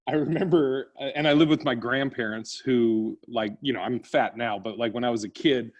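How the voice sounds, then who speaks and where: A man's voice: medium pitch, normal speed, muffled recording. A middle-aged man chatting on a podcast, rambling through childhood stories and laughing often. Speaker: podcast host. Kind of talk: casual podcast chat.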